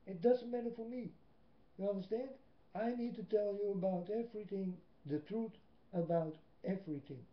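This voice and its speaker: A man with a Dutch accent, a native Dutch speaker, gives a slow, emphatic religious monologue into a webcam, with long pauses between phrases. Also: high-pitched. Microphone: built-in webcam mic. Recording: echoey room, dull lo-fi webcam audio.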